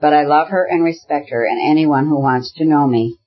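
An abrupt, angry, gaunt brother barks his lines in a slightly raised, husky tone, as a male narrator puts him on. The audiobook recording sounds dull and lo-fi. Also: on the high side, a little fast, lightly acted. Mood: defiant. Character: gaunt sickly irritable older brother. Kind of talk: audiobook character reading.

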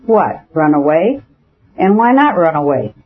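A man's voice: on the high side, very animated, measured pace, breathy edge, exaggerated voice. A man voicing an impassioned, proud noblewoman. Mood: angry. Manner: ironic, then pleading and tender. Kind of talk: audiobook dialogue. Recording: dull lo-fi audiobook recording.

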